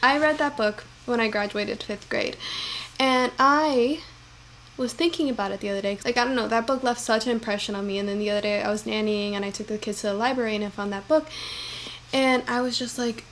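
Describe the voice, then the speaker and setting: A woman's voice: a little high, a bit bright, slight background noise. A young woman vlogging at home in her kitchen, rambling and heartfelt, with lots of fillers. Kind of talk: casual chat.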